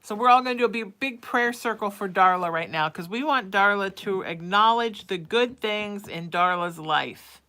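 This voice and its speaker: A woman's voice: medium pitch, normal speed, hardly any pauses, bright, forceful tone. A woman hosting a live psychic reading show, chatting affectionately with viewers and calling them sweetie and baby. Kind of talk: casual live-stream chat.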